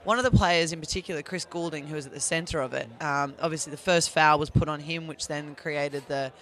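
A man hosting a sports podcast, talking in an animated way and laughing often. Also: a little high, brisk. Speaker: podcast host. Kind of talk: casual sports chat.

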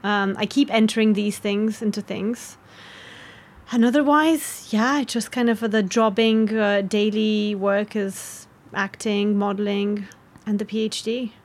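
A young woman from Romania, a guest talking frankly and lively in a casual interview. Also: medium pitch, unhurried. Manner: lively, frank, laughs easily. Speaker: guest, actress and writer.

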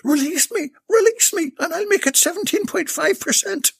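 A man voicing a flirty, pushy Irish saleswoman in a high falsetto with a gravelly edge. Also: huge pitch swings, a little fast, dry recording, studio quality, heavily acted. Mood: shrieking. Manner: high put-on falsetto, wheedling.

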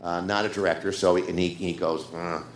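Lowish guy telling an animated on-set story, echoey room. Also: fast, a little hiss or hum. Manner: animated, acts out other people's lines. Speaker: screenwriter guest. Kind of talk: anecdotal storytelling. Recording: roomy echo.

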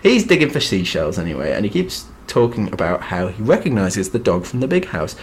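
A man co-hosting a podcast, recapping a classic novel in casual, dry chat with quick asides. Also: on the low side, big pitch swings, slight background noise. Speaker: podcast co-host.

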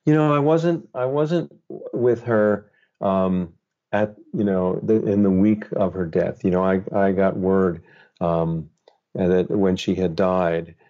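A middle-aged male author, a guest on an interview, telling a personal story in a gentle, thoughtful, unhurried way. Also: low voice, steady tone. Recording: slightly dull, lo-fi sound.

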